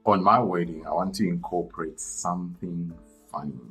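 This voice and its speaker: Playful young groom with a deep voice, earnest and low-key, as a narrator puts him on. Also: male voice, normal speed, fairly bright tone, breathy edge, faint music behind, exaggerated voice.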